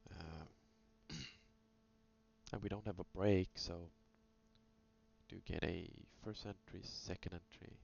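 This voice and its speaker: A man's voice: low-pitched, fairly even intonation, slow, gravelly, long pauses, a little mellow. A man casually talking through chart trades in a screen-recorded review, thinking aloud with many fillers. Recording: dull lo-fi sound with faint hum.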